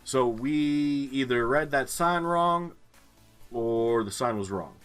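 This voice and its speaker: A man's voice: mid-range voice, takes it slowly, a bit bright, smooth, faint music behind. A man hosting a gaming video, thinking aloud in casual commentary and swearing freely. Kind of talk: casual let's-play commentary.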